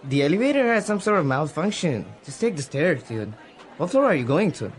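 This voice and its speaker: A man's voice: a little high, sing-song, fairly quick. Male actor: laid-back worker, casual, faint crowd noise. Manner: casual, calls people dude.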